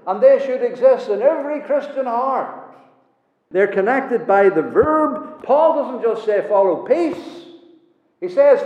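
A man preaching a sermon in a church, measured and emphatic, repeating his key phrases. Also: high-pitched. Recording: echoey hall on a tinny, phone-like line.

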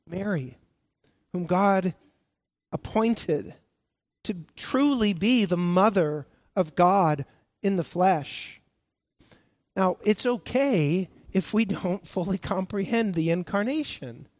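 A man preaching a sermon as pastor, earnest, drawing out key words with slow emphasis and often restarting his phrases. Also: high voice, no echo.

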